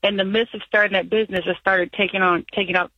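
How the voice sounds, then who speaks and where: A woman's voice: mid-range voice, little pitch movement, quick pace, dry recording. A woman calling in to an advice show, anxious and rambling as she lists her debts. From San Diego. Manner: anxious, rambling, nervous laughs. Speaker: caller. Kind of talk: phone-in call. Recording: dull phone line.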